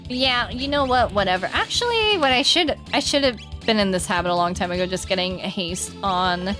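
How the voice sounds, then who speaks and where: A woman's voice: medium pitch, lively intonation, fairly quick. A young woman streaming a game, chatting casually, giggling and singing along. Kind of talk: casual let's-play chat. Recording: game music in background. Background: game music.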